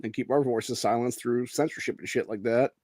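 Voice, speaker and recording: Man, from ohio, podcast host, casual news commentary, profane, brash, dark mellow voice, dry close sound. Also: medium pitch, fairly even intonation, a little fast, no room sound. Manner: profane, brash, says dude a lot.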